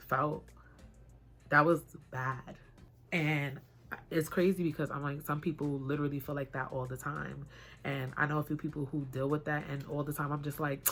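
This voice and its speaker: A young woman vlogger telling a personal story in a casual, animated, chatty way. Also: sits low.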